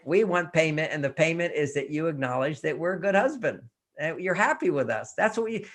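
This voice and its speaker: An older man telling personal stories and giving relationship advice in a live interview, animated and often laughing. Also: on the high side, vocal fry. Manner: animated storyteller, acts out quotes, laughs often. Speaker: relationship author and guest.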